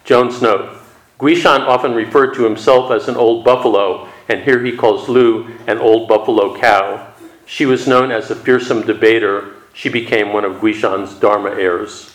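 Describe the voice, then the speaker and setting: Calm, reflective man in an echoey room. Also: on the low side, normal speed. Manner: calm, reflective, gently wry. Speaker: Zen teacher. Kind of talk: dharma talk at a retreat.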